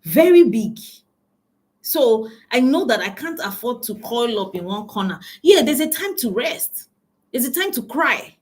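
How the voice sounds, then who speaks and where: An emphatic woman speaks in a fairly high voice. She coaches her listeners directly, repeats key phrases to drive them home, and calls them ladies and gentlemen. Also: sing-song, measured pace. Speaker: business coach. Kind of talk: motivational talk to camera.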